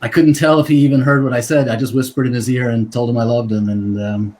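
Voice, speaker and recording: A man's voice: medium pitch, fairly even intonation, fast, a little mellow. A man, a biographer and guest, telling a story in a casual, self-deprecating, joking way.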